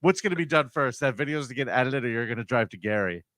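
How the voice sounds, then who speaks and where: A man's voice: mid-range voice, expressive, fast talker, fairly bright tone, dry recording. A man co-hosting a podcast in casual chat, blunt and swearing freely. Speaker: podcast co-host.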